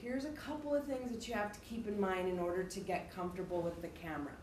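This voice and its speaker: Woman teacher, mid-pitched, direct and emphatic lecture style, roomy echo with faint ambience. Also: steady tone, quick pace, darkish tone, a little hiss or hum. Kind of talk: classroom lecture. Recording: echoey room, faint ambience.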